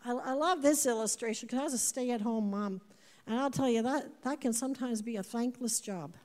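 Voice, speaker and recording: High-voiced woman preaching in a reverberant church. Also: a little fast. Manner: animated, repeats words, asks the congregation questions. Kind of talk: sermon. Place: church before a congregation. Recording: long hall reverb.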